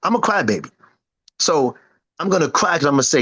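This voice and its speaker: Rough audio captures a husky, slightly high, fairly bright voice. The man, a singer-producer in his fifties, talks fairly quickly and very animatedly but leaves long pauses. In this casual interview, he boasts emphatically and reenacts what friends told him.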